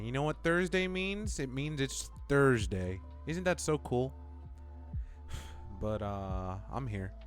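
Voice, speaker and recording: A man's voice: medium pitch, a bit bright. A young man casually chatting with his stream viewers, rambling and playful. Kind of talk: casual live-stream chat.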